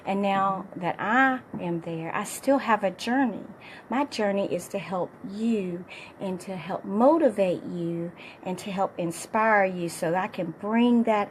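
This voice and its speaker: A middle-aged woman fitness coach with a hoarse, partly lost voice, giving an upbeat, encouraging motivational talk to her viewers. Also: mid-range voice, unhurried, slight background noise.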